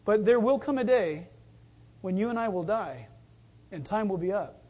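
A man's voice: high voice, animated, moderate pace, warm tone, breathy edge, dull audio. A man preaching a sermon, telling stories in a loose, chatty way and acting out the voices in them. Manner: conversational storytelling with acted-out voices. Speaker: pastor.

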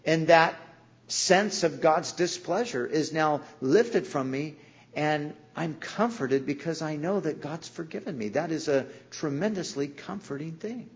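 A man's voice: on the high side, lively intonation, a little slow, breathy edge, muffled recording. A man preaching a sermon in an earnest way, sometimes acting out the voices in the stories he tells. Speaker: pastor.

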